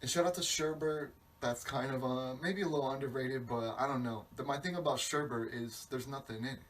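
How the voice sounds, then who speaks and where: This podcast host talks fairly quickly in a steady, mid-range voice with a fairly bright tone. His comic monologue rambles, turns profane, and keeps breaking off mid-thought. The sound comes from a distant mic with a faint hiss behind it.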